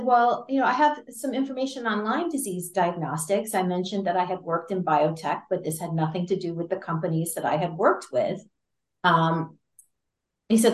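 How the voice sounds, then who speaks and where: A woman with a notably low voice recounts her story as an interview guest. She talks animatedly, laughing often and circling back with fillers and restarts. The recording has a roomy, echoey sound. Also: moderate pace. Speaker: interview guest, patient advocate. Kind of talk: conversational storytelling. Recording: roomy echo.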